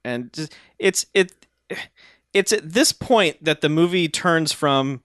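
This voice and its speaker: A man's voice: on the high side, expressive, a little slow, fairly bright tone, no room sound, studio quality. A man co-hosting a casual movie-review podcast, sardonic and laughing often as he acts out scenes. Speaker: podcast co-host.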